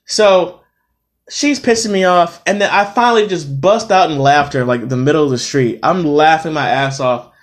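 A man with a slightly high voice hosts his own podcast. He tells a story in a casual, profane and animated way. He sounds worn out after a long day. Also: moderate pace. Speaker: podcast host.

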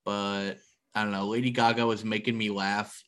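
A man's voice: on the low side, level tone, normal speed, fairly bright tone. A man chatting casually as a podcast co-host. He rambles through his points, stops and restarts his sentences, and leans on fillers as he goes. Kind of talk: casual chat.

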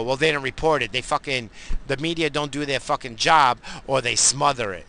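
A married man delivering a profane, angry rant, swinging between shouted outbursts and low muttered asides. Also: fairly quick. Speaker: ranting commentator.

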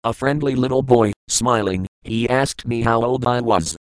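Smooth, dry-voiced man narrating an audiobook. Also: mid-range voice, no echo, poor audio. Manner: measured, reflective first-person reading.

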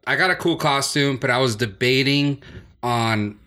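A man hosting a casual gaming podcast, relaxed and chatty with plenty of fillers. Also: mid-range voice, normal speed. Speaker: podcast host.

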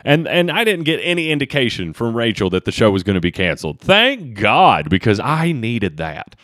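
A man's voice: moderate pace, dry recording, clean studio sound. A man hosting a solo comedy podcast, rambling and self-mocking, with a slight Southern twang from Kentucky. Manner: animated, jumps pitch for comic emphasis, self-mocking. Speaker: podcast host and stand-up comedian.

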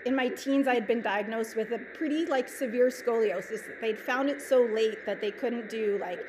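A woman's voice: on the high side, moderate pace. A woman in her forties, a chiropractor, telling stories casually in an interview, full of "like" and "right?". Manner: chatty, lots of "like" and "right?". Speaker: chiropractor guest. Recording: background noise.

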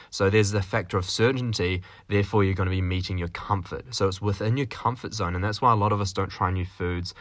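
Man, podcast host, rambling solo talk, jokey, lowish pitch, dry close sound. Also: a bit bright, no room sound. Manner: rambling, with many fillers and restarts; jokey, with mild swearing.

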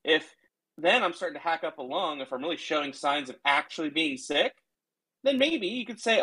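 A man's voice: fairly high pitch, animated, moderate pace, sharp tone, slightly rough. A man in casual argumentative banter on a call, lecturing his co-host in a mock-patient tone. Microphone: remote call mic.

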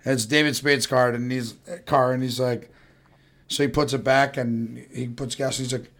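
Young New man, casual podcast co-host, relaxed rambler who swears easily, mid-range voice. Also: mid-range voice, moderate pace. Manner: laid-back, rambling, swears casually, trails off. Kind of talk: casual chat.

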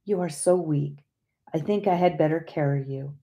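A woman reading a gentle, patient man. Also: deep voice, moderate pace, highs cut off. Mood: gentle, reassuring. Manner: soft and patient. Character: gentle older brother-in-law, kind spirit guide.

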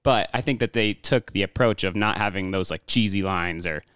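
A man with a lowish, smooth, clear voice talks through a war film in a loose, rambling way. He circles back on himself with fillers and false starts. The sound is dry and close. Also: fairly quick, a bit bright, dry recording. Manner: rambling, many fillers and restarts. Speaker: podcast co-host. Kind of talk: casual movie discussion.

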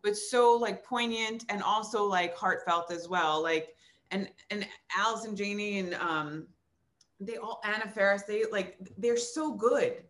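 Woman, actress, casual panel chat, chatty, filler likes, mid-pitched. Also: measured pace, a bit bright.

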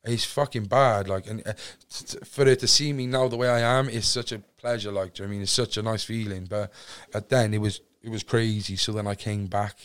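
A man's voice: on the low side, fairly even intonation, brisk, fairly bright tone, clear, resonant tone. A young man with a Cardiff accent, telling his story as a podcast guest in rambling talk full of fillers and restarts. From Wales. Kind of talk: candid storytelling.

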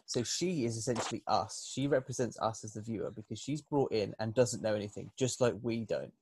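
Measured, analytical man. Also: lowish voice, a little mellow, slight background noise. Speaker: podcast host. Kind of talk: casual film review chat.

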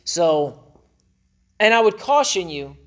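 A man's voice: sits high, sing-song, takes it slowly. A middle-aged man hosting a marriage podcast, teaching in an emphatic, preacher-like way and repeating phrases for stress.

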